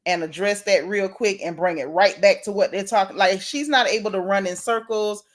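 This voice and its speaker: A middle-aged woman, hosting a casual gossip livestream, animated and sassy as she reads out viewer comments. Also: mid-range voice, moderate pace. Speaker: livestream host.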